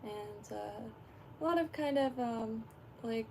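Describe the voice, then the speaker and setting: A woman's voice: fairly high pitch, slow pace, darkish tone, slight background noise. A woman from Florida chatting on a livestream, rambling with lots of fillers and frequent laughs. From Florida, USA. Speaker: fishing livestreamer. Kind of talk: casual livestream chat.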